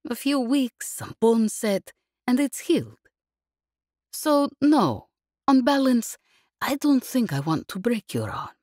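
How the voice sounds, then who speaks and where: A woman narrator voices a cool, dangerous woman in an audiobook, husky and low, with a lively, swooping voice. She talks with measured, mocking calm. The studio sound is close and dry. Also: dry recording, full character voice. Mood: calm menace. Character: cool, dangerous woman captive, calmly menacing. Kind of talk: audiobook character reading.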